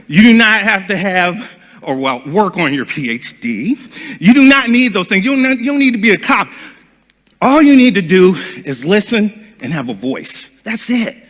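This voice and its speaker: Animated guy teaching a seminar, bright voice, lots of ups and downs, echoey lecture hall. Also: high voice, moderate pace. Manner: animated, acts out dialogues. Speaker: speaker and trainer. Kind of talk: seminar talk.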